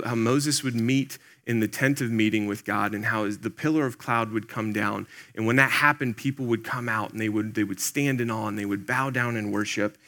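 A man's voice: mid-range voice, bright, forceful tone. A man giving a conversational sermon as a pastor, earnest and plain-spoken, talking straight to the congregation with lots of "like" and "um". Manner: earnest, speaks directly to the congregation; loose and plain-spoken, with many "like" and "um".

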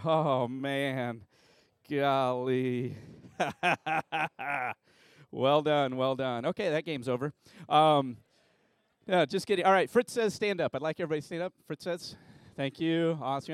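A man's voice: on the high side, lively intonation, unhurried, smooth, no echo, clean studio sound. A man preaching a sermon as pastor in a church, joking around with a game at first and then turning earnest and reflective. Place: church sanctuary.

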